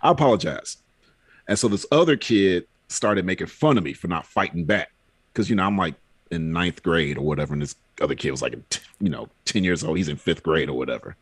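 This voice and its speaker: Lowish husky guy on a podcast telling long rambly stories, dry mic. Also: a little fast, dry recording. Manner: rambling storyteller, frequent fillers. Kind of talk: casual podcast chat.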